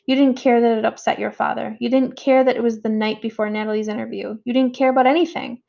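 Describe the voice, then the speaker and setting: Quiet, steady mother voiced by a woman reader, gravelly edge, slightly raised pitch, dull lo-fi sound. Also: fast. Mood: quiet, calm. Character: calm, tearful mother speaking to her son.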